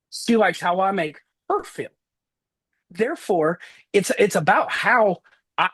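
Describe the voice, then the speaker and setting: A man giving a fervent motivational talk, slowing down and rising for emphasis. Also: high-pitched, husky. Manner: fervent, preacher-like, swings loud and slow for emphasis. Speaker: top-producing insurance agent, guest.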